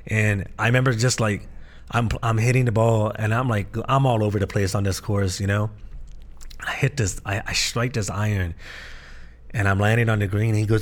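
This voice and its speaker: A man's voice: fairly low pitch, fairly even intonation, normal speed. A man, a podcast co-host and pastor, telling his life story in casual conversation, earnest and full of restarts. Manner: earnest, with frequent restarts and fillers.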